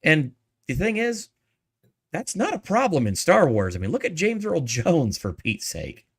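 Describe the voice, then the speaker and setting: A man's voice: on the high side, big pitch swings, unhurried, breathy edge. A man who is a guest on a podcast, chatting over a video call and airing emphatic, exasperated opinions. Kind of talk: casual chat.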